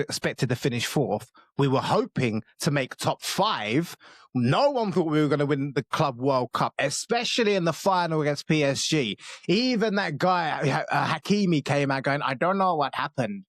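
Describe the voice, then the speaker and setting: Man, fairly high voice, blunt sweary football podcast co-host, dry studio sound. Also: dry recording. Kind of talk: casual football podcast chat.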